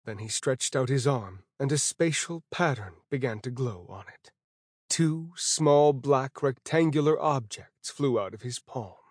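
A man reading a first-person fantasy audiobook at a steady, even pace. His voice sits in an ordinary middle register. The recording is close and dry, with no room sound. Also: medium pitch, measured pace, no room sound. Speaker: audiobook narrator.

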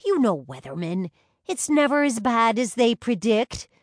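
Brief: a woman voicing a high, loud, gushing young fan, slow and dry-sounding. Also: big pitch swings, no room sound. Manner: squealing, breathless enthusiasm.

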